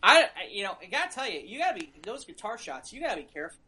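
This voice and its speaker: Animated rambling podcast co-host. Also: male voice, high voice, slight background noise. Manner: animated, rambling, quick to joke. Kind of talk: casual chat.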